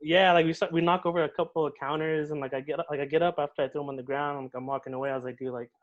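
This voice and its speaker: A young man tells a story fast and with energy, his voice sitting a little high. He swears often and fills the talk with bro and dude. The sound is dull and lo-fi. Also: level tone. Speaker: podcast guest. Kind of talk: casual storytelling.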